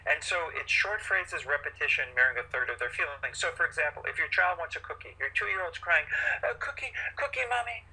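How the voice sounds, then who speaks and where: Male paediatrician, animated explainer, slightly high and breathy. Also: a little fast, hardly any pauses, rough recording. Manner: animated, acts out parents and children in quotes. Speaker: paediatrician guest. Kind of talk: explaining parenting advice in an interview.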